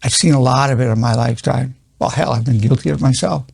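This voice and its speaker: Gravelly older man teaching earnestly. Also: mid-range voice, fast talker, a little mellow, no room sound. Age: 80s. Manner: earnest, repetitive, stammering restarts. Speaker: psychologist teaching a lesson. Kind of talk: unscripted spoken lesson.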